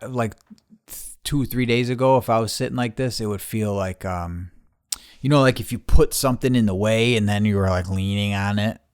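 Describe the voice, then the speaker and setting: Low-voiced profane rambling man. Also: clean tone, no echo, studio quality. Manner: rambling, profane, self-mocking. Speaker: podcast host. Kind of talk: casual solo podcast monologue. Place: garage.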